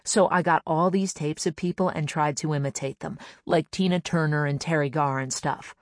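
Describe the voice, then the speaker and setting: A woman's voice: low-pitched, steady tone, moderate pace, dry recording, clean studio sound. A comedian telling a personal story in a chatty way, sometimes acting out the voices of people she quotes. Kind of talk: anecdotal storytelling.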